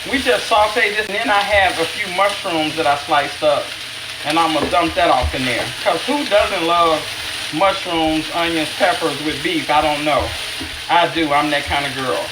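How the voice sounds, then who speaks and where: A woman's voice: low voice, moderate pace, background noise. Chatty woman chef over a sizzling skillet. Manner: chatty, talks to viewers by name, self-teasing. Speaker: chef hosting a home cooking stream. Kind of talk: live-streamed cooking demo, casual chat. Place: home kitchen, indoors. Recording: echoey kitchen with loud sizzling.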